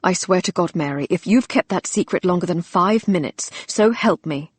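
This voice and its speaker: A woman voicing a wounded young husband in an audiobook, speaking in a lowered, gruff, wry manner. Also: moderate pace, no echo.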